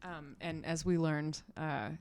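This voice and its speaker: Chatty woman with a smooth, low voice. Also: steady tone, slow, darkish tone. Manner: chatty, analytical, laughs often. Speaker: podcast co-host. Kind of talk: casual chat.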